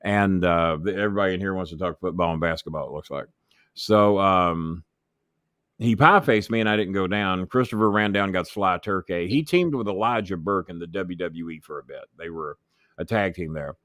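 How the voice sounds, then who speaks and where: A man's voice: low-pitched, moderate pace, fairly bright tone, no room sound, clean studio sound. A man, a former wrestling manager, tells backstage stories as an interview guest, swearing freely and acting out the voices of people he quotes. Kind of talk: profane anecdotal storytelling.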